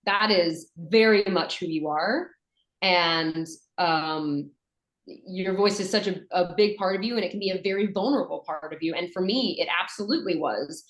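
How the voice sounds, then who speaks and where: A woman's voice: fairly low pitch, normal speed. Chatty Southern woman in an echoey room. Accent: Western North Carolina Southern, softened. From Western North Carolina, USA. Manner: chatty, animated, with fillers and restarts. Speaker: voice actress and dialect coach. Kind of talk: conversational interview.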